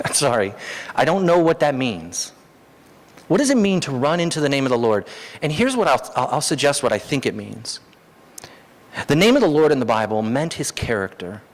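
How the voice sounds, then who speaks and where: A man preaching a sermon as pastor, animated, his voice jumping high for emphasis. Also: normal speed. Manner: animated, rises sharply in pitch for emphasis. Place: church hall. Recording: long hall reverb.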